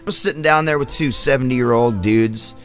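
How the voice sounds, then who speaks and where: Male vlog host, mid-range voice, casual profane storyteller, soft music bed. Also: medium pitch, normal speed. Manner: rambling, profane, loose.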